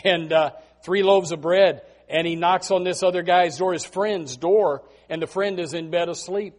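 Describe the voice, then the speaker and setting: High-voiced guy preaching a sermon, animated, repeats himself a lot. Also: normal speed. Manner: animated storytelling, repeats words. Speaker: pastor.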